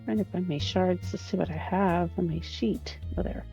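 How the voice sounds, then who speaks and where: A woman's voice: fairly low pitch, moderate pace, creaky, warm tone, highs cut off, faint music behind. A woman playing in a tabletop game, chatting casually and easygoing. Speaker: player.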